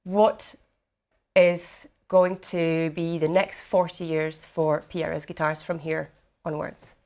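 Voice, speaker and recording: Hesitant woman interviewer, slightly low voice. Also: little pitch movement, slow pace, a little mellow. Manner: hesitant, with many ums, friendly reactions. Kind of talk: casual interview.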